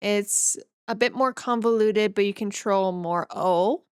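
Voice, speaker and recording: A woman's voice: mid-range voice, measured pace, clean tone, dry recording, studio quality. A woman from northern Canada, a streamer chatting casually with her viewers in a rambling, easygoing way as she reads and answers chat.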